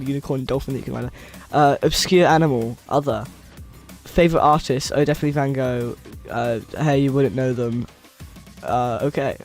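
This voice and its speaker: Young man, streamer, casual chat, hesitant fillers, medium pitch, soft music underneath. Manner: rambling, hesitant, lots of fillers and restarts. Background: faint background music.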